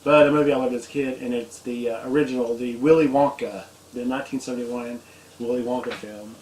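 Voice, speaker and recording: Co-host: relaxed man, mid-pitched, lots of pauses, recorded in an echoey room with faint hiss. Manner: relaxed, hesitant, with many "uh" pauses and easy laughs. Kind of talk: casual chat.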